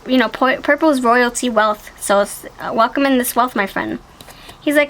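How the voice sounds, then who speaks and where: A woman giving a casual tarot reading to her viewers, chatty and animated, with quick exclamations and frequent self-corrections. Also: on the high side, rough recording. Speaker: tarot reader.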